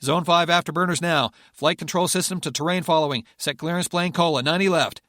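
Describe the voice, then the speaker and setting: A man's voice: medium pitch, normal speed, sharp tone, no echo, studio quality, close to an everyday voice. A man voicing a determined male general who gives clipped, commanding orders in a cockpit. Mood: urgent.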